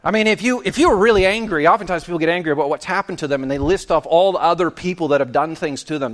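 A man preaching a sermon in an animated, playful way, acting out little scenes and quotes. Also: high-pitched, fast talker, few pauses.

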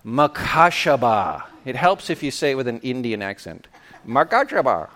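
A man preaching a sermon in an animated, playful way, acting out little scenes and quotes. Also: mid-range voice, fast, a little hiss or hum.

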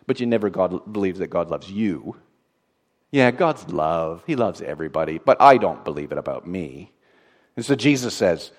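A man preaching a sermon in an expressive way, moving from loud emphasis to a hushed, tender tone. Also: low voice, a little fast.

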